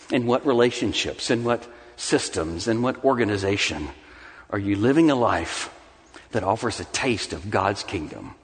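A man preaching a sermon as pastor, expressive and building in intensity as he stresses his points. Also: lowish voice, long reverb tail.

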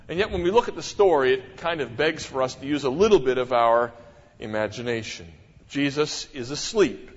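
A middle-aged man preaching a sermon as a pastor, talking in an animated way with many rhetorical questions and sudden emphasis. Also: mid-range voice, slightly rough. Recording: dull, echoey church hall.

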